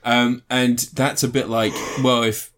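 A man talks through a film he enjoyed in loose, rambling podcast chat. His voice sits in a middle pitch, and he swears freely as he gets animated retelling scenes. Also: measured pace.

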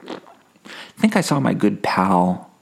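A man hosting a comedy podcast, telling a rambling, deadpan monologue full of self-corrections and dark punchlines. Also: lowish voice, slow, vocal fry, a little hiss or hum. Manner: escalates mundane stories into dark punchlines. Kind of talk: absurdist comic monologue.

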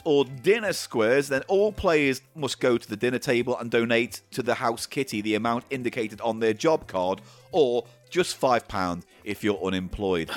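Sardonic swearing man. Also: medium pitch. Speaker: co-host playing a board game. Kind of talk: casual chat with rules read aloud.

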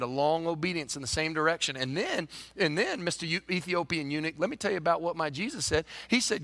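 A man preaching a sermon as pastor, swinging between hushed, quiet stretches and shouted peaks. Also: fairly high pitch, very animated, fairly quick, no echo.

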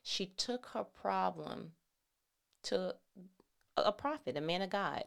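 A woman's voice: medium pitch, lively intonation, slow, creaky. A woman giving an informal sermon and reading scripture, emphatic and conversational, with casual slang mixed into her preaching. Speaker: inspirational speaker.

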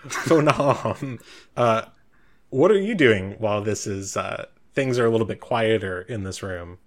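A man running a tabletop game with a fairly low voice, talking casually and poking fun at himself. He pauses often with fillers as he describes the scene. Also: expressive. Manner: casual, self-deprecating, halting with fillers. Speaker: game master.

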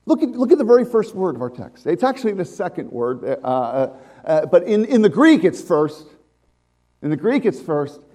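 A man's voice: high voice, big pitch swings, a little fast, warm tone. A man preaching a conversational sermon to a congregation, with asides and restarts. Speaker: pastor.

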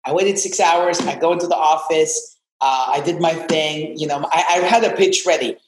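A man in his twenties, a podcast guest, telling his story in an animated, casual way and swearing freely. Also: on the high side, normal speed, roomy sound, low-quality recording. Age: 20s.

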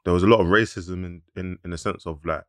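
Low-voiced halting man, dry sound. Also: fairly even intonation, no room sound. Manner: hesitant, many fillers, London slang. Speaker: podcast host. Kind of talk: casual chat.

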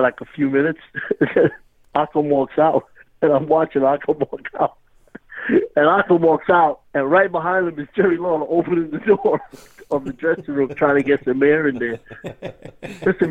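A man's voice: on the high side, dry recording, phone-quality sound. A man telling a rambling, casual story as a podcast guest, repeatedly saying "you know what I mean".

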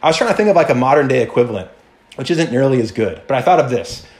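A male pastor preaching a sermon in an animated, conversational way, often restarting and acting out quotes. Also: medium pitch, fast.

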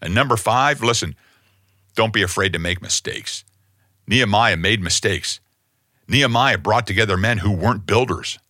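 Middle-aged male pastor, emphatic conversational sermon delivery, bright forceful tone, dry close sound. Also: lowish voice, moderate pace, dry recording. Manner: emphatic, conversational preaching with sudden loud peaks.

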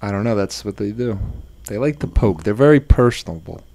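A man's voice: on the low side, animated, fairly quick, a little mellow. A man co-hosting a casual chat, teasing his friend and cutting in with wisecracks. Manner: teasing and wisecracking, jumps in with jokes. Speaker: podcast co-host.

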